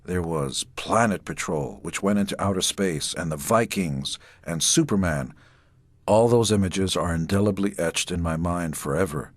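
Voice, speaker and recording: A middle-aged man from Israel reads his own memoir aloud, in measured, dry storytelling with deadpan asides. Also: sits low, no room sound. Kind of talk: memoir audiobook narration.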